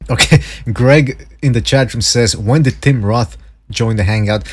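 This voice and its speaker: A man hosting a loose, casual boxing podcast in a husky, slightly rough voice. He swears a lot and laughs as he talks. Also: mid-range voice, a little slow. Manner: swears freely, laughs often. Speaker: podcast host.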